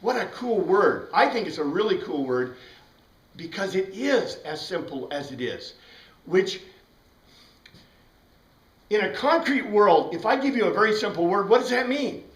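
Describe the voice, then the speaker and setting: Male Bible teacher, slightly high voice, animated and digressive, heard from a distance in an echoey classroom. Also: a little slow, long pauses. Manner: animated, digressive, spells out Greek words. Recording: roomy room, distant mic.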